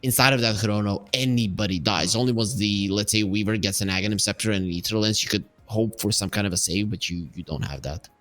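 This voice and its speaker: Low-voiced male esports analyst. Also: fast, hardly any pauses. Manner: explanatory, steady, fillers while thinking. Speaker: esports caster.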